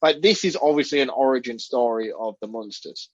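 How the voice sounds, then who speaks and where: A man's voice: mid-range voice, a little fast, no room sound. A British man co-hosting a podcast, reviewing a film in casual chat with sweary, exasperated banter. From Britain. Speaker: podcast co-host. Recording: dull, lo-fi dry mic.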